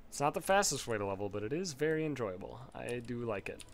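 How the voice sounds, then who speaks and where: A man's voice: mid-range voice, animated, fast. A man giving casual, rambling gameplay commentary while leveling a character, swearing freely and laughing often.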